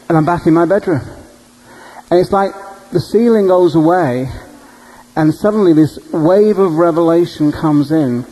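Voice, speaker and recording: A male preacher telling dream stories in a sermon, animated and humorous. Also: on the high side, moderate pace, rough recording. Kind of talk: storytelling sermon.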